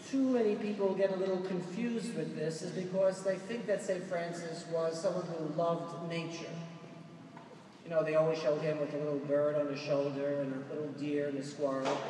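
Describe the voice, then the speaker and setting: Joking Brooklyn friar in an echoey hall. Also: male voice, fairly high pitch, normal speed, darkish tone. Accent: Brooklyn New York. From Brooklyn, New York. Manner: joking storyteller, laughs at his own lines. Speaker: Franciscan friar preacher. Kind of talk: humorous conference talk. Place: large church or conference hall. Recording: echoey hall from far off, noisy.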